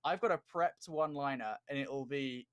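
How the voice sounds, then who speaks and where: A man calls a competitive shooter match in relaxed, joking play-by-play, trading banter with his partner. His voice sits at an ordinary middle pitch, and he laughs easily between calls. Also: smooth, lo-fi sound. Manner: upbeat, jokey, quick to laugh. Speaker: esports commentator. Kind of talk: casual play-by-play game commentary.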